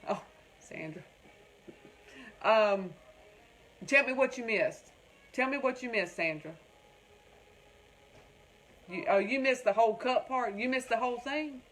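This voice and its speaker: A woman's voice: mid-range voice, a bit bright. A woman hosting a casual craft livestream, rambling and chatting with viewers in the comments.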